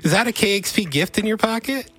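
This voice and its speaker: A radio host joking and pitching donations in lively on-air banter from a studio. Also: quick pace, husky, soft background music. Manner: jokey, animated banter. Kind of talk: casual on-air chat during a pledge drive.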